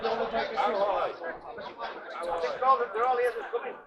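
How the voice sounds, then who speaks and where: A man's voice: extremely high pitch, unhurried, lo-fi sound. A man marshalling a rally outdoors, calling out instructions to the people gathering. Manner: shouting orders to the crowd. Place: outdoors on a city street. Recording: distant voice outdoors with very loud crowd.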